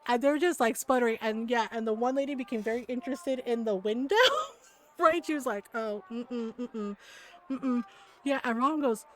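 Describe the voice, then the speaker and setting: A woman's voice: fairly high pitch, fairly quick. A woman streamer chatting casually with viewers, telling a story with energy, laughing often and checking in with "right?". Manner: animated storyteller, keeps asking "right?".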